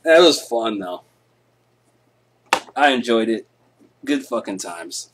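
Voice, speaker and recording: A young man hosting a live stream, telling stories casually, laid-back, swearing a lot and getting loud when he acts things out. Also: mid-range voice, expressive, slow, slight background noise.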